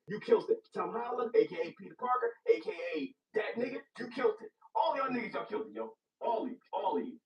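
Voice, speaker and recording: Hyped guy reviewing a movie, high voice with a gravelly edge, echoey room, distant dull mic. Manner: hyped, profane, repeats phrases. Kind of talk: casual movie review chat.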